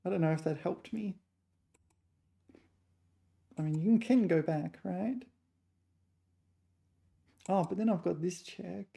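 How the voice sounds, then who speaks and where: A woman works through chess puzzles out loud in a low, gravelly voice, a touch hoarse. She mutters her calculations in short fragments at an unhurried pace, and her tone stays dark and mellow. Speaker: chess player. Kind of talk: thinking aloud while solving chess puzzles.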